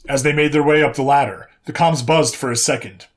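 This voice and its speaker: A man narrating a sci-fi story in a steady, plain storytelling voice. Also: fairly high pitch, brisk, hardly any pauses.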